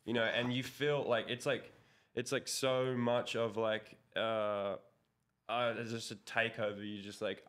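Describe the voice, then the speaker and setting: A man's voice: mid-range voice, little pitch movement, unhurried, a bit bright. A young man telling a story in a casual interview. He rambles with lots of fillers and curses. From Australia. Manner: rambling, heavy swearing, filler-laden. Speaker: guest, pro BMX rider.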